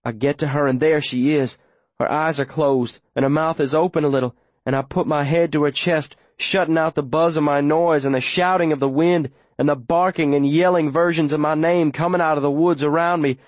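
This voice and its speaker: A man's voice: a little high, steady tone, brisk, no room sound. A man reading a first-person audiobook in an urgent, breathless, tense way. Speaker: audiobook narrator.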